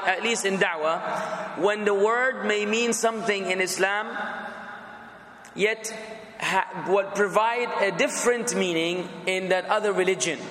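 A man's voice: high voice, sharp tone. A man teaching a class, talking casually and repeating questions to the students until someone answers. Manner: conversational, asks the class questions, repeats words. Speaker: instructor. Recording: echoey classroom, some background noise.

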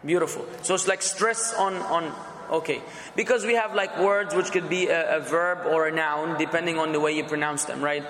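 A man's voice: a little high, fairly even intonation, normal speed, hardly any pauses, a bit bright. A man teaching a class, talking casually and repeating questions to the students until someone answers. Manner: conversational, asks the class questions, repeats words. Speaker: instructor. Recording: echoey classroom, some background noise.

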